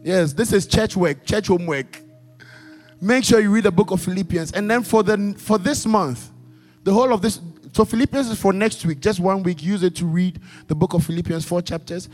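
A high-pitched male preacher delivering a sermon in a church, his voice trailing off into a long hall reverb. He drives points home by repeating lines and asking the congregation for answers, with soft music underneath. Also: moderate pace. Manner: emphatic, repetitive call-and-response preaching. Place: church service.

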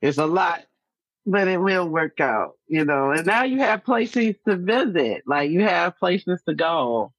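A man's voice: high-pitched, very animated, a little slow, a bit bright, no echo, highs cut off. A man co-hosting a podcast, giving short, supportive replies in casual chat. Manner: supportive, brief backchannels. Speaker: podcast co-host.

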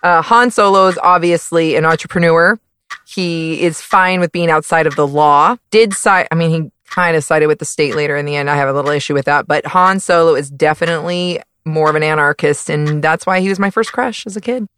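A woman guesting on a comedy podcast, animated and teasing as she answers questions. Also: deep voice, brisk, clean tone. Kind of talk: casual comedic podcast banter.

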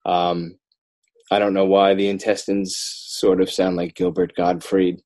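A very low-pitched man talks casually about his children's book, animated and prone to restarting mid-sentence. The sound is dry and close, with almost no room in it. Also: a little slow, no echo. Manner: animated, self-interrupting, rising emphasis. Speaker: children's book author, guest. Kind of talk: casual interview talk.

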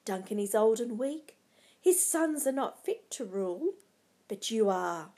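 A woman's voice: on the high side, animated, measured pace, mellow. A woman voicing a scheming, ruthless noblewoman who coaxes, commands and scorns, read aloud from a storybook.

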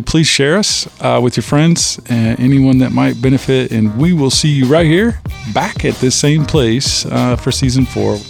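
Gravelly man co-hosting a podcast. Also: medium pitch, a little slow, no echo, soft background music. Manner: playful, teasing, slips into radio announcer voice. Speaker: podcast co-host. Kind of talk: casual chat and show sign-off.

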